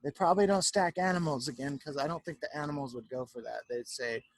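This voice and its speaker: A male teacher reading a picture book aloud to young children over a video call from home, narrating in an animated way and checking in with them. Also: on the high side, quick pace, no room sound. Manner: warm, animated storyteller who keeps checking in with the children.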